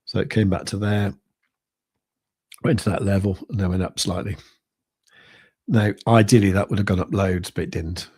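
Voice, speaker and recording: A man's voice: sits low, steady tone, normal speed, long pauses, mellow, slightly rough. A British man hosting a trading livestream, talking casually over charts and thinking aloud with lots of fillers. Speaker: crypto trading livestream host. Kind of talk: casual live-stream chart commentary.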